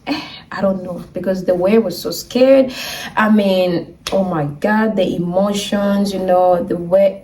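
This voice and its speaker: A young woman from Africa, telling an emotional storytime vlog, laughing often between slow phrases. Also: mid-range voice, a little mellow, recorded from a distance, a little hiss or hum, poor audio. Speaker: vlogger.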